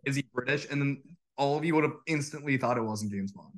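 A man's voice: medium pitch, fast, noisy background. A young man teasing his friends bluntly in a casual podcast chat. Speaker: podcast co-host.

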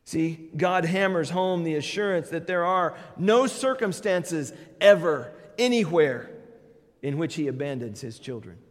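The long reverb of a big hall surrounds this high-pitched male preacher as he gives an emphatic sermon. Animated yet unhurried, he swells into loud declarations and drops back to soft, low endings.

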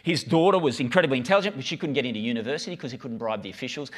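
A man's voice: medium pitch, racing. A middle-aged man, preaching a casual, conversational sermon with frequent stammered restarts. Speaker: pastor.

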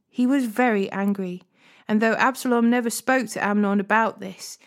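A woman reading a Bible passage aloud as a steady storyteller, hosting a daily reading series. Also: medium pitch. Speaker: Bible reader.

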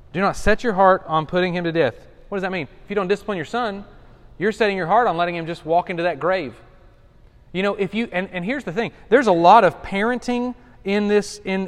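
A middle-aged male pastor with a notably high voice teaches an informal Bible study. He talks in a loose, conversational way and repeats lines for emphasis, and his voice rings with a long hall echo.

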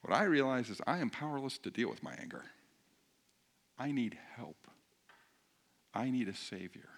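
A man preaching in a lively, conversational way, then praying quietly. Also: mid-range voice, normal speed. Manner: animated and conversational, rising loud when preaching. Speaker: pastor. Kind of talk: sermon then quiet prayer.

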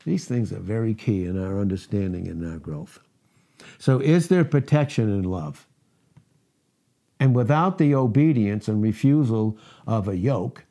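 Middle-aged guy preaching, slow and deliberate, voice rises and falls a lot, keeps repeating himself for emphasis. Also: fairly low pitch, mellow. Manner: emphatic, rhetorical questions and repetition. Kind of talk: sermon.

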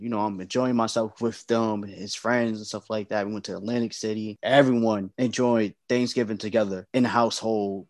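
A man tells a personal story in a dry, close-up recording. His pitch swings high and low as he acts out other people's voices, and he turns quiet and soft at the grief. The room adds almost no echo. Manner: animated, acts out quoted speech, drops low and soft when grieving. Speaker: podcast guest. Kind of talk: casual storytelling.

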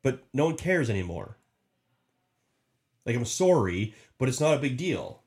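A man's voice: medium pitch, very animated, unhurried, a little mellow. A man giving a casual motivational talk as a podcast host, emphatic and repetitive, often restarting his sentences. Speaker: podcast host and sales leader.

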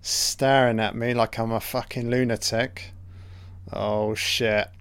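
A man giving a casual, profane watch-along commentary on a film, reacting out loud to what is on screen. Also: medium pitch, level tone, slow pace, clear, resonant tone, no echo.

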